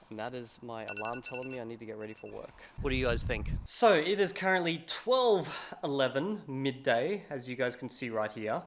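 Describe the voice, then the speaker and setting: A man's voice: medium pitch, fairly bright tone, slight background noise. A man talking casually to camera in a vlog, candid and rambling as he thinks aloud. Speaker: language-learning vlogger.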